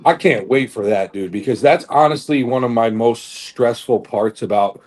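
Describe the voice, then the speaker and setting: A man's voice: mid-range voice, moderate pace, a little mellow. A young man on a podcast telling a long story in a casual, rambling way, with lots of fillers and swearing. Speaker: podcast co-host, bodybuilder. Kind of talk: casual chat.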